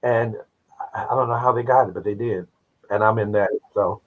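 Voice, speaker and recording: A man in his seventies from Oklahoma, a guest who tells animated stories and acts out the voices of people he quotes. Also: lowish voice, brisk. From Oklahoma, United States. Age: 70s. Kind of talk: casual interview storytelling. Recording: dull lo-fi audio.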